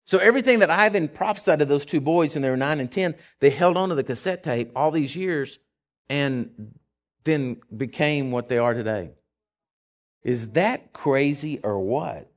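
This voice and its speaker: A man's voice: fairly high pitch, lively intonation, normal speed. A man preaching a sermon, telling a story in a conversational way and building to emphatic, repeated declarations. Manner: conversational with frequent fillers and restarts.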